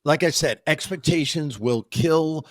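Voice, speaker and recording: A man co-hosting a podcast in casual chat, telling personal stories with lively acted-out dialogue and frequent stammered restarts. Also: fairly high pitch, a little slow, no echo. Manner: animated storyteller who acts out both sides of dialogues. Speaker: podcast co-host.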